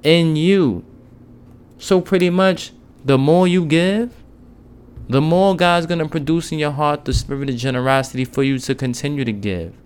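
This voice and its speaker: A man's voice: on the high side, moderate pace, smooth. A man giving an informal devotional talk, conversational and repeating his key words with casual asides. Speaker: podcast preacher.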